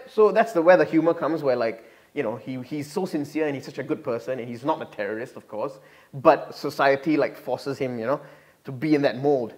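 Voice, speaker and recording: A man's voice: a little high, a little fast, a little mellow. A young man from Singapore, earnestly explaining himself as an interview guest with many restarts. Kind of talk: interview answers.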